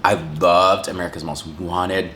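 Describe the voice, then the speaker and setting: Very low-voiced man rambling while eating. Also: flat delivery, measured pace, fairly bright tone, slight background noise. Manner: rambling, says "like" a lot, chews and hums between lines. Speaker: mukbang vlogger. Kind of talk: casual chat while eating.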